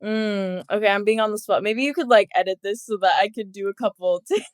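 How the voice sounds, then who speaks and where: Giggly young woman, smooth clear voice. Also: mid-range voice, a little fast, dry recording, studio quality. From Los Angeles, USA. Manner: giggly, laughs often, heavy use of "like". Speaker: guest footballer. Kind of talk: casual podcast interview.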